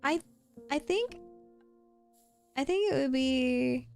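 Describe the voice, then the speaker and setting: A woman's voice: high voice, lively intonation, slow, vocal fry, a little mellow, soft background music. A young woman streaming while she draws, in a rambling casual chat full of "like" and laughs, swearing now and then. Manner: chatty, rambling with frequent "like" and laughs.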